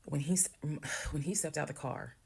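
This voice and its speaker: Woman with a super low gravelly voice doing a casual storytime, blunt, swears a bit. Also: normal speed. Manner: conversational, blunt, swears while retelling.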